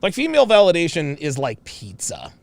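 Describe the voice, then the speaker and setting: A man's voice: a little high, fairly quick, dry recording. A man in his forties hosting, giving profane, mocking reaction commentary on video clips and repeating his points. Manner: mocking, animated, repeats himself.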